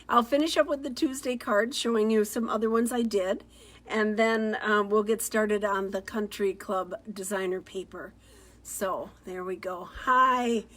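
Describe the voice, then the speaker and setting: A woman's voice: fairly high pitch, fairly bright tone. A middle-aged woman demonstrating card-making on a casual live stream, chatty and upbeat, greeting viewers by name as she talks into her phone.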